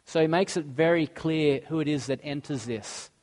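A man's voice: on the high side, moderate pace, darkish tone. A man, preaching a sermon earnestly and mixing in personal stories. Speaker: pastor.

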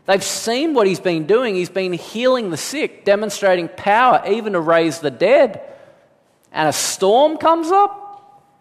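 A man preaching a sermon as a pastor, animated, switching into quoted voices with big jumps in pitch. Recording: long hall reverb.

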